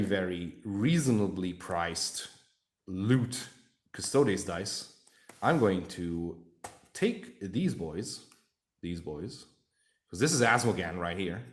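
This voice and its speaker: A young man chatting casually on a live stream while painting miniatures, rambling, jokey and swearing freely. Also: sits low.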